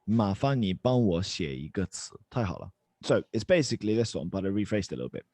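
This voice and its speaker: A man's voice: on the low side, very animated, quick pace, warm tone, no room sound. A man teaching a Mandarin lesson over a video call, encouraging and switching between English and Chinese. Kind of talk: online language lesson.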